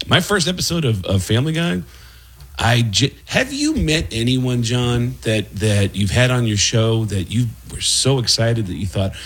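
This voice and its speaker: A middle-aged man, a voice actor and impressionist, telling an animated talk-show anecdote. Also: mid-range voice, moderate pace, breathy edge. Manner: animated storytelling with laughs and quoted voices.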